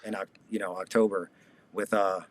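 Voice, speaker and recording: A man's voice: on the low side, level tone, moderate pace. A man in his fifties chatting casually as an interview guest over a video call, rambling and laid-back with plenty of fillers. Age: 50s. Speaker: guest musician.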